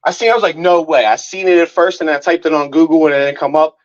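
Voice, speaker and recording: A man's voice: a little high, quick pace, lo-fi sound. A man, angrily ranting on a live stream as a sports fan and swearing often. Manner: angry, profane ranting.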